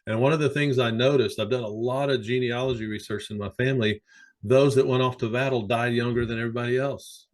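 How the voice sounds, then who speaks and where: A man who works as a sports psychologist, speaking as a podcast guest and telling animated stories with plenty of fillers. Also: mid-range voice, quick pace. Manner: animated, anecdotal, many fillers. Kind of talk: conversational storytelling.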